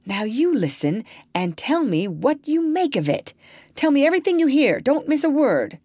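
Excitable male doctor read by a woman for a storybook: breathless, eager, exclaiming, voice swooping up and down. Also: a little high, takes it slowly, dry recording, voice pushed up, heavily acted. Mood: excited.

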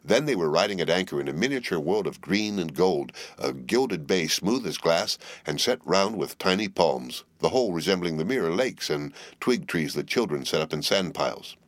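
A man reads a classic novel aloud in a measured, unhurried way. His voice is very deep, and the recording is dry and close, with no room sound. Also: lively intonation, dry recording. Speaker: audiobook narrator. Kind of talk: scripted narration.

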